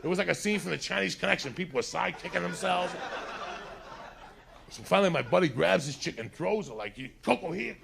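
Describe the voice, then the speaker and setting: A male stand-up comic with a deeply gravelly voice, rambling through a crude story in loose, conversational talk. He slips into put-on voices to act out what other people said, sounding a little high. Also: fairly quick, background noise. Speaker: stand-up comedian.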